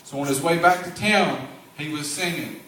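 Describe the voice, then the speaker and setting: A man on the high side of the pitch range, slightly bright and moderately paced, narrates the Bible story for a church play in a drawling, homespun manner full of preacherly asides. Slight background noise and strong echo come through, since a far camera recorded him in a large sanctuary.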